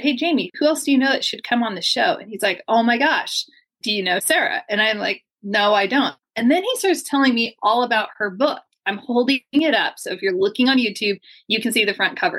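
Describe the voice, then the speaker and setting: A woman's voice: mid-range voice, fairly bright tone. A woman hosting a podcast, talking in an upbeat, effusive and chatty way as she introduces her guest. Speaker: podcast host. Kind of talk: enthusiastic interview intro. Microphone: video call.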